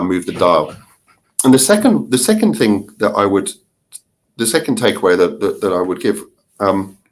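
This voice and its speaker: Chatty laughing man in an interview. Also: fairly low pitch. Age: middle-aged. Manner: chatty, laughs often, many restarts. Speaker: interview guest, marketing consultant. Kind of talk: casual interview answers.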